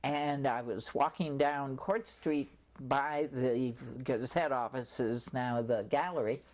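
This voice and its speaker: An older woman in an oral history interview, recounting her years in local journalism as a chatty storyteller with lively asides. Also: very deep voice, takes it slowly. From California, USA.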